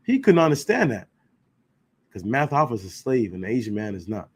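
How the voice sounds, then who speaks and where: A man leads an informal scripture class in a loose, slangy way. He presses his points with rhetorical questions and keeps checking that his listeners follow him. His voice sits in an ordinary middle pitch. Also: expressive, brisk, breathy edge. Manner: emphatic, rhetorical questions, slangy, keeps asking "you know what I'm saying". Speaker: class teacher.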